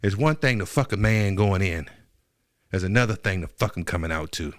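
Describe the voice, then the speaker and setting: A man's voice: deep voice, lively intonation, brisk, no echo, clean studio sound. A man hosting a podcast, delivering a heated, profane political monologue that keeps building, with emphatic repeats. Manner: repetitive, emphatic. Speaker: podcast host.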